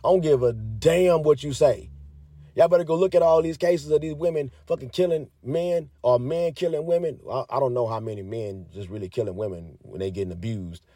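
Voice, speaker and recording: A man's voice: medium pitch, fairly quick, warm tone, no echo. A young man ranting heatedly to his viewers, cursing heavily and repeating himself as he gets worked up. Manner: heavy cursing, fired up, repetitive. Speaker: commentator. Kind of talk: heated casual rant to viewers.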